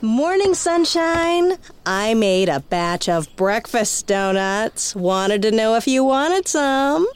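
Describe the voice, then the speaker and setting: A woman's voice: mid-range voice, slow, hardly any pauses, smooth, lightly acted. An actress playing a peppy, sing-song widowed neighbor woman with an unsettling edge in an audio drama. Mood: cheery.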